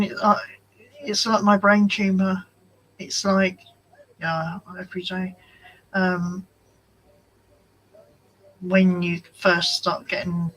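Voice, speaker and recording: A woman's voice: fairly low pitch, sharp tone, low-quality recording. A woman hosting a casual live-stream chat from home, rambling and talking to commenters by name. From United Kingdom. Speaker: craft channel host.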